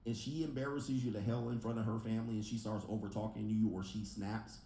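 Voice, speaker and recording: A man's voice: lowish voice, flat delivery, fast, mellow, a little hiss or hum. A man delivering a brash, profane relationship advice rant in a clip being played back. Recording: echoey clip replayed in a reaction.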